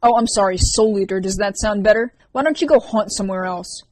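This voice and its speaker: A woman's voice: medium pitch, brisk, a little mellow, dry recording, close to an everyday voice. A scornful teenage girl mocks with a snide scoff, in a woman's audiobook reading. The sound is dry and close.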